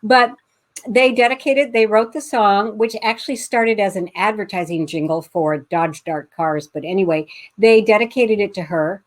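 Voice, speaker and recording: A middle-aged guest author from Pasadena, California, shares a family anecdote in casual conversation, full of fillers and restarts. Her voice is medium in pitch and moves at a normal speed.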